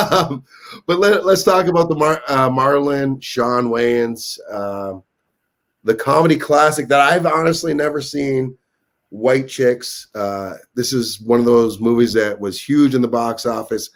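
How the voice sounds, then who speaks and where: A man's voice: mid-range voice, unhurried. Joking male movie-review host. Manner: joking, laughs often. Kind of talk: casual movie review chat.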